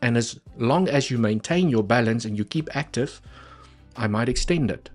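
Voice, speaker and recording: A man's voice: medium pitch, lively intonation, moderate pace, faint music behind. A man talking casually through trading charts on a live stream, chatty and repeating points for emphasis.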